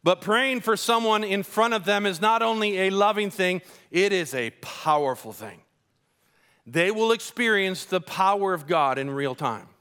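A man preaching a sermon as a pastor, telling stories in a conversational, animated way with casual slang. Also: sits high, moderate pace, clean tone. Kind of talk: sermon with storytelling.

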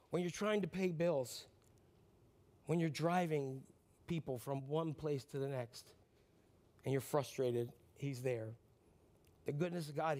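Animated man preaching a sermon. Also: on the high side. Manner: animated preaching, swinging from loud bursts to near-whispers; asks the congregation questions and answers them himself. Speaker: pastor.

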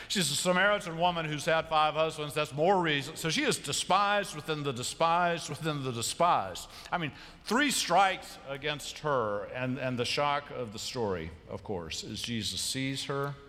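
A male pastor giving a conversational sermon, swinging from animated asides to hushed, tender passages. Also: medium pitch. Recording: long reverb of a large hall.

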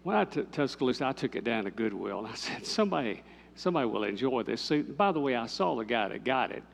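Older man, pastor, gravelly voice, sermon storytelling, faint hum behind. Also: mid-range voice, fast talker. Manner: shifts from lively storytelling to hushed, intimate delivery.

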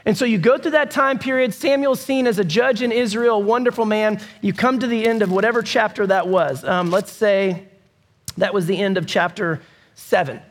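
Male pastor, very high-pitched, casual storyteller, reverberant church hall. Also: normal speed. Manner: casual storytelling with asides to the congregation. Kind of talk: sermon.

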